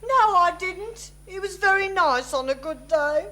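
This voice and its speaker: A slow, whiny divorced daughter. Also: female voice, very high voice, animated, very noisy. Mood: mopey. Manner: slow, plaintive, whining. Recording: 1970s TV sitcom with audience laughter.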